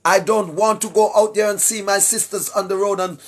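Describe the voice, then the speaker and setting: A Jamaican man giving a preachy monologue to his viewers, emphatic, often shouting, tagging his points with questions. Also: sits high, fairly even intonation, a little fast, faint music behind. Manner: emphatic, often shouting, tags lines with "right?". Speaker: online commentator.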